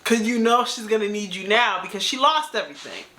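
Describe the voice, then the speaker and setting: A woman's voice: medium pitch, lively intonation, a little fast, pushed and bright. A woman hosting a reaction video, talking casually in slang, laughing often and speaking straight to the person in the clip.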